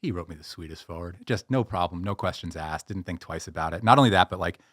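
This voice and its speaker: A man with a somewhat low voice talks as the expert guest on a podcast. He tells stories in an animated way and often restarts his sentences. The sound is close and dry. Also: quick pace, dry recording. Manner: animated storyteller, many restarts. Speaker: guest, posture and pain-relief expert. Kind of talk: podcast interview.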